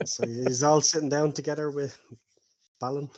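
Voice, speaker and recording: A man's voice: a little high, fairly even intonation, moderate pace, darkish tone. A man running a tabletop role-playing game as game master, narrating with loose chuckles. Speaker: dungeon master.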